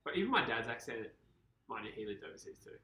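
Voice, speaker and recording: A young man with a mild Australian accent co-hosts a casual football live stream. His voice is bright and forceful and sits at middle pitch. The room around him sounds echoey. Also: very animated. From Perth, Australia. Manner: chatty, reads viewer comments, quick laughs. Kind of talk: casual chat over a live football game.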